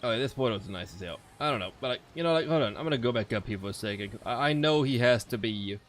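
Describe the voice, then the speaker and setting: A man's voice: medium pitch, lively intonation, quick pace, a bit bright, a little hiss or hum. Guy streaming a game, rambles and swears a lot, voice jumps all over the place. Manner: rambling, profane, easily exasperated. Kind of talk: off-the-cuff gaming commentary.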